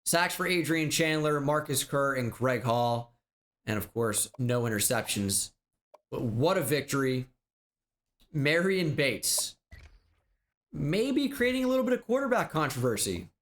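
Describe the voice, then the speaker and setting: A man giving casual video game commentary, rattling off stats in a quick, offhand way. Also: medium pitch, sing-song, fairly bright tone. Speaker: gaming YouTuber.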